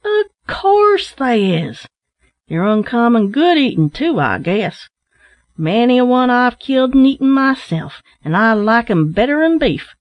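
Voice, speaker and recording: A woman doing a loud, boastful backwoods hunter. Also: a little high, big pitch swings, unhurried, dull audio, voice pushed up. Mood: emphatic. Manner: loud, emphatic rough dialect. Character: bronzed, weather-beaten male hunter, boastful.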